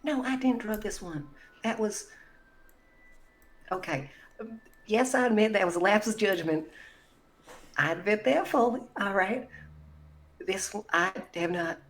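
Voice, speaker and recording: A woman's voice: mid-range voice, unhurried, long pauses, voice pushed up, natural voice. A woman voicing a polite, folksy adventurer in a tabletop game, with country-style phrasing. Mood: defensive. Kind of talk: in-character tabletop role-play.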